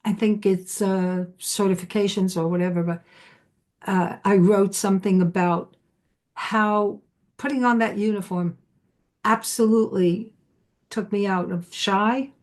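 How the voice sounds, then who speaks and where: A middle-aged woman hosting an interview, speaking conversationally with affirming asides and pauses. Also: mid-range voice, fairly even intonation, a little mellow. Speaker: podcast host.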